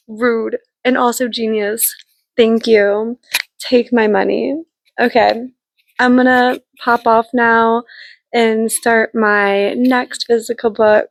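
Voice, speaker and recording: A young woman talks straight to camera in a relaxed book vlog, her voice carrying a gravelly fry at the ends of phrases. She gushes and rambles with plenty of likes and ums, and the sound is close and dry with no room around it. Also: on the high side, slow pace, no room sound. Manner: chatty and gushing, frequent likes and ums. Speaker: book vlogger. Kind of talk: casual read-along vlog chat.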